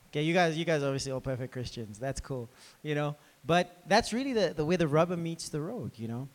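A man preaching a lively sermon to a congregation in a crowded hall, talking with them conversationally. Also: a little high, quick pace, few pauses. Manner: animated, conversational, talks to the congregation. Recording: reverberant hall.

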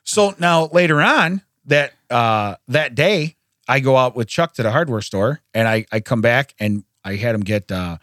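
Male co-host, lively storyteller who laughs a lot, pitch moves all over, dry close mic. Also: unhurried, no echo. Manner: animated, laughs often, acts out quotes. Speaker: podcast co-host. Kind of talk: casual storytelling chat.

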